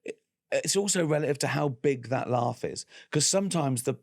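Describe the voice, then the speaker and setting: A man's voice: animated, moderate pace, gravelly. A man in his sixties with an English accent, a comedian talking casually as a guest and acting out other people's lines. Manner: acts out other people's lines in quoted voices; bursts into high loud laughter. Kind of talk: casual chat.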